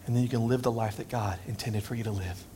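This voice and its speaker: A man's voice: medium pitch, fairly even intonation, fast, warm tone, slight background noise. A man preaching a sermon as pastor, conversational and self-deprecating. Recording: long reverb.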